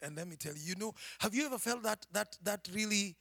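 High-voiced Kenyan man telling his testimony. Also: animated, fast talker, vocal fry, no room sound, studio quality. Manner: dramatic storytelling, swinging from hushed to shouting. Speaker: preacher. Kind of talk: personal testimony.

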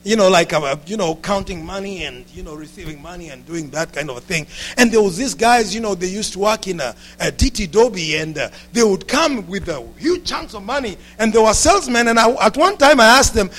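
A man preaching a sermon to his congregation, animated and rising to shouts, with frequent asides to the listeners. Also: high voice, brisk, hardly any pauses. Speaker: pastor.

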